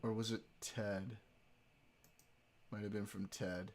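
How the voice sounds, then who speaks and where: A man's voice: lowish voice, level tone, takes it slowly, noisy background. A male live streamer in casual chat, joking around and trying out accents.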